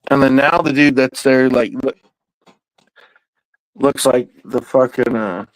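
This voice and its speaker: A man hosts a podcast and tells his stories in a loose, meandering way, swearing freely and drawling through asides. His voice sits at an ordinary middle pitch. The sound is dry and close, with no room around it. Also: fairly even intonation, a little slow, no room sound, poor audio. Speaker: podcast host. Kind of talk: casual rambling storytelling.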